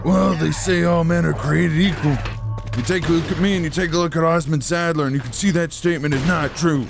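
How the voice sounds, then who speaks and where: A man doing an impression of a boastful, shouting male wrestler who lays out fight odds in a blustering voice. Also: fairly high pitch, steady tone, brisk, vocal fry, music in the background, pitched above the performer's own voice. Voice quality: loud, blustering.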